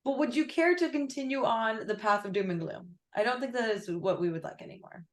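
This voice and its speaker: A woman's voice: a little high, fairly quick, hardly any pauses. A young woman coaching a client on a call, chatty and full of fillers. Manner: chatty, filler-heavy, lots of "like". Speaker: business coach.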